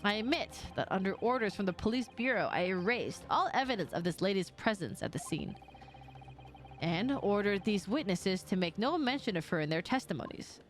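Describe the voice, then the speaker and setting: A woman voicing a composed male police inspector in a game read-aloud, with a measured, matter-of-fact delivery. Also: mid-range voice, expressive, a little hiss or hum, lightly acted. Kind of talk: reading a game aloud in character.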